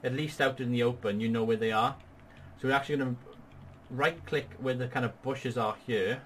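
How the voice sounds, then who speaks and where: Fairly quick and fairly even in intonation, a Welshman's mid-range voice carries over slight background noise. Hosting a gaming video, he walks a partner through a strategy battle with patient, cheerful explanations, tutorial style.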